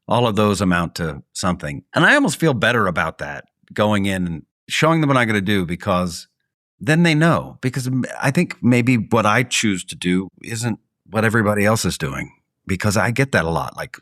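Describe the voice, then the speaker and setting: Low-voiced, playful man chatting on a podcast. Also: very animated, normal speed, fairly bright tone, no room sound, clean studio sound. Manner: playful, self-deprecating. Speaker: podcast co-host, character actor. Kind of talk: casual chat.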